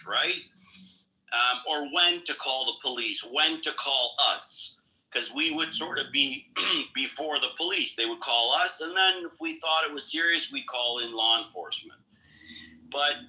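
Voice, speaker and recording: A man's voice: mid-range voice, sharp tone, poor audio. A man in a podcast conversation, telling in a plain conversational way how he ran a community panel. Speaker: community organizer. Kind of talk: casual storytelling.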